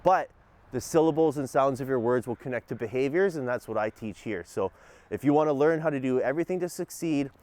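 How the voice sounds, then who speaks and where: Out on a walk with his dog, a man casually teaches training, his mood moving from upbeat to calm as he gives brief commands. He speaks at medium pitch and a fairly quick pace, with no echo.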